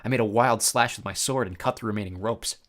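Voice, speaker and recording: A man's voice: fairly low pitch, quick pace, fairly bright tone. A man reading a story aloud, narrating expressively in the first person.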